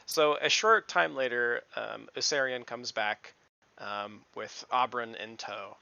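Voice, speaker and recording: A man narrating as game master of a tabletop game, lively and full of laughter. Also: medium pitch, a little slow, vocal fry. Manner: lively, laughing, many fillers. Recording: dull lo-fi audio.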